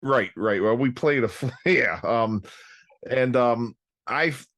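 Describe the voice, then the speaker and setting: A man hosting a casual chat and telling a relaxed, drawn-out story. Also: medium pitch. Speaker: host.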